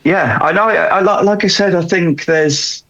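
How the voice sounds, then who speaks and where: A man's voice: high-pitched, moderate pace, a bit bright, dull audio. A man guesting on a podcast, telling his story in a rambling way with many restarts and fillers, and chuckling as he goes. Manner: chuckles while recounting. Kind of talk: candid storytelling chat.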